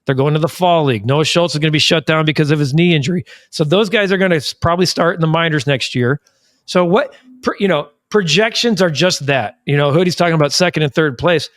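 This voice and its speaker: Measured male podcast host. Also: on the high side, a bit bright, no echo, studio quality. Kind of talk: casual sports chat.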